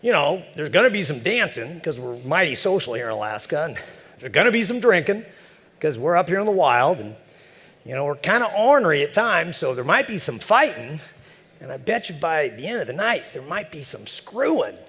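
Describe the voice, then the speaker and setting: A man voicing an old grizzled Alaskan backwoods neighbor in a told joke, loud and folksy. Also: a little high, big pitch swings, brisk, breathy edge, voice pushed up, full character voice. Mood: hearty. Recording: echoey conference hall over PA.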